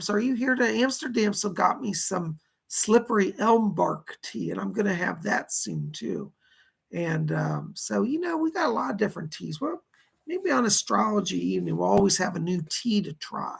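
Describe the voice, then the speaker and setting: A man with a high, creaky, slightly bright and rough voice hosts a psychic astrology livestream from a computer setup at a keyboard. He chats casually, reading viewer comments aloud and responding to them.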